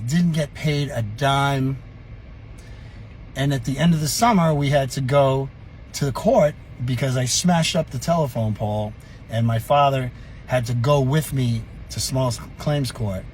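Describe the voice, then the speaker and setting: A middle-aged man telling a story from his youth in an animated, profane, chuckling way. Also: medium pitch, a little slow, slight background noise. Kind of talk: casual storytelling vlog.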